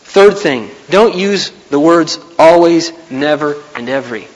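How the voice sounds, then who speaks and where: Man, 30s, pastor, sermon, earnest, emphatic, repeats points, slightly high voice, long hall reverb. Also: expressive, measured pace.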